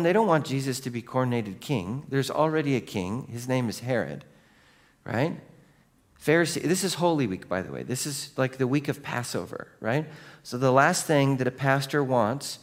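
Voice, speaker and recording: Man, pastor, sermon, medium pitch, animated, questioning, slows and quiets for solemn points. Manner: animated, asks the congregation many questions.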